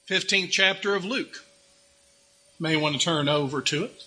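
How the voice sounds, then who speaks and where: A man's voice: fairly high pitch, unhurried, pauses often, bright, forceful tone, breathy edge, low-quality recording. A man preaching a sermon in a conversational way, asking rhetorical questions and adding humorous asides. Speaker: pastor.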